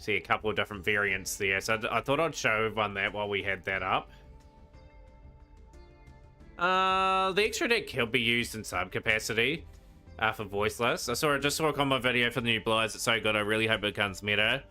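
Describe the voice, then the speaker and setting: A man casually commenting while he streams a card game, rambling and trailing off into quiet asides. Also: lowish voice, fairly quick. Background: game music.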